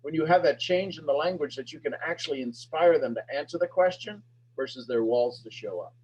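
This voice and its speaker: A man coaching a sales master class, firing emphatic, repetitive questions at his audience and pushing his voice up toward a shout. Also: on the high side, fairly quick, breathy edge, lo-fi sound. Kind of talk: animated teaching talk to an online audience.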